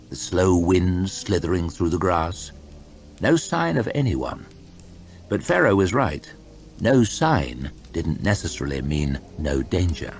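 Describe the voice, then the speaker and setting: A man reading a fantasy novel aloud in an expressive storytime style. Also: low voice, a little hiss or hum. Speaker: audiobook reader.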